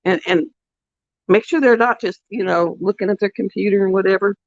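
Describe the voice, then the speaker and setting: Her mid-range voice moves briskly while she hosts a livestream, casually talking to viewers and drifting through heartfelt anecdotes. The recording is dry, with a dull lo-fi sound.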